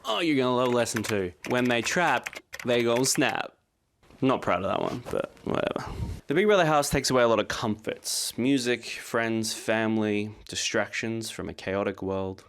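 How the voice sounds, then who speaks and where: A man's voice: mid-range voice, moderate pace, a bit bright. A man narrating a scripted commentary video essay, with dry, sarcastic humor.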